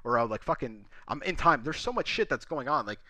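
Male streamer, quick profane rant, lively pitch, dry close sound. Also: dry recording. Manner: animated, profane, exasperated storytelling. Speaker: streamer and pro esports player.

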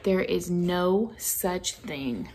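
A woman's voice: lowish voice, expressive, darkish tone, heavily acted. Woman doing a growling big-brother monster. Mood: scornful. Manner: growling and slow. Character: bossy teasing older boy monster.

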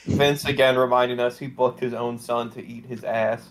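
A man's voice: mid-range voice, flat delivery, normal speed. Blunt, sardonic young man. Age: young adult. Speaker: podcast co-host. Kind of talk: casual chat.

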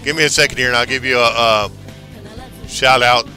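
Guy streaming a game, super bright voice, chatty and hyped, faint music behind. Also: mid-range voice, level tone, brisk. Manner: chatty, hyped, talks back to viewers. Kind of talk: casual live game-stream chat.

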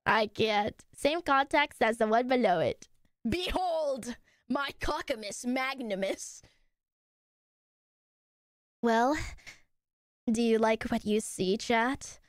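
A woman streamer chatting casually on a live stream, laughing often, swearing freely and bursting into excited shouts. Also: on the high side, slow, clear, resonant tone, no room sound, clean studio sound.

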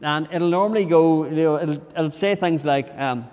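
A man with a Northern Irish accent and a fairly high, slightly mellow voice preaches a conversational sermon at a moderate pace. He is earnest, often restarts his words, and acts out inner grumbles. Long church reverb fills the recording.

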